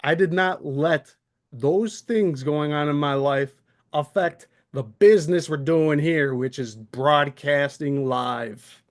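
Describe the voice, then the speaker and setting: A man's voice: fairly high pitch, takes it slowly. A male livestream host delivering an exasperated, profane, confrontational rant straight to the camera. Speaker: channel host. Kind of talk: ranting livestream monologue.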